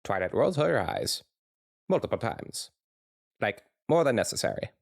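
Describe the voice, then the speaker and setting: A man's voice: fairly low pitch, wildly swooping pitch, moderate pace, gravelly, no echo. A podcast co-host man reading fanfiction aloud with a dry, wry narration.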